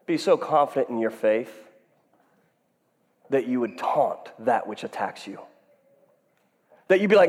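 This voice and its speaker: A male pastor preaching an animated, joking sermon, acting out the voices in a story. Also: mid-range voice, a little slow, pauses often, long reverb tail. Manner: animated, acts out dialogue, jokes with congregation.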